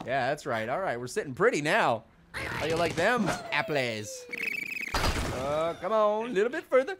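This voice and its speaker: A man's voice: fairly high pitch, big pitch swings, unhurried, noisy background. Hyper young man rambling over a game. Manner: rambling nonsense with sudden shouted outbursts. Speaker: gaming video host. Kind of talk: goofy let's-play commentary.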